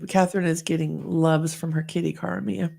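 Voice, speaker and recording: A middle-aged woman in easy podcast conversation with a touch of gravel in her voice. She tells stories animatedly and jumps into the voices of the people she quotes. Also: deep voice, flat delivery, brisk, mellow. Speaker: podcast co-host. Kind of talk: casual podcast chat.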